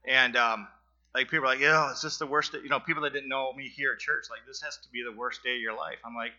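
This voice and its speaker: A middle-aged man nervously giving a personal testimony in front of his church congregation, halting and earnest, with many fillers and restarts. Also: mid-range voice, fairly even intonation, sharp tone, lo-fi sound. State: nervous, sweating.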